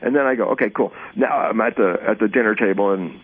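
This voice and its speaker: A man being interviewed, explaining casually and acting out both sides of imagined conversations in an animated way. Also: fairly low pitch, fast talker, slightly rough, no room sound. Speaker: interview guest. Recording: narrow phone-like sound.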